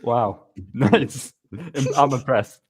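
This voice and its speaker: A man's voice: mid-range voice, drawn-out words, breathy edge. A man in a casual podcast chat, easygoing, mostly reacting with short remarks.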